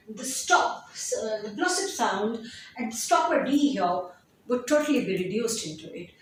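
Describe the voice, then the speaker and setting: A woman teaching an English lesson, repeating example sentences slowly and often restarting. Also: a little high, a little hiss or hum. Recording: very echoey room, distant from mic.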